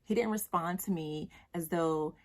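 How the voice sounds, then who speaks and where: A woman's voice: lowish voice, unhurried. A young woman vlogger giving blunt, exasperated commentary about dating, with slang and profanity. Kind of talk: direct-to-camera commentary.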